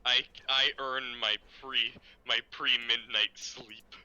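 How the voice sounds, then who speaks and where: Deep-voiced young man teasing on stream. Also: little pitch movement, pushed and bright, no room sound, lo-fi sound. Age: 20s. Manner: joking, teasing, halting restarts. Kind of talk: casual chat.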